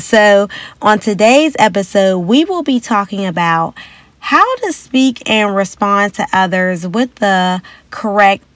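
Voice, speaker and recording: A young woman hosting a motivational podcast in a casual, chatty and upbeat way, now and then acting out quotes in a higher voice. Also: a bit bright, no echo. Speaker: podcast host.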